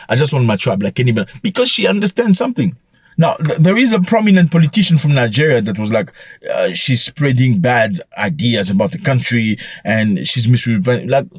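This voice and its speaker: Emphatic husky man ranting to camera. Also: fairly high pitch, darkish tone, no room sound, clean studio sound. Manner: emphatic, rhetorical, scolding. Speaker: commentary channel host. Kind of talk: opinionated commentary monologue.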